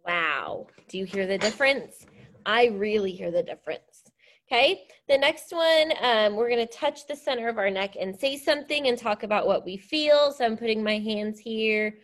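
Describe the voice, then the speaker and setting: A woman's voice: a little high, expressive, normal speed. A woman teacher leading a science lesson, explaining step by step in an upbeat, encouraging way. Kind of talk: classroom science demonstration.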